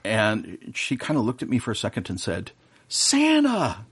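A man's voice: fairly low pitch, fairly quick, slightly rough. A middle-aged man who works as Santa, telling earnest stories in a casual radio interview, with plenty of fillers and restarts. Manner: warm, earnest storyteller with many fillers and restarts. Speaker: professional Santa performer, radio guest.

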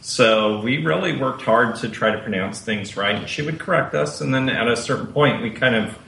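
A man's voice: medium pitch, normal speed, gravelly, a bit bright. A man voice actor on an interview panel, speaking in an earnest, self-deprecating way and laughing easily. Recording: roomy room echo.

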